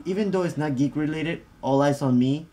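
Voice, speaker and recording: A man's voice: on the high side, a little fast, dark tone. A man co-hosting a podcast in casual, loose and joking chat. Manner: loose and joking, with fillers and laughs. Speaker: podcast co-host.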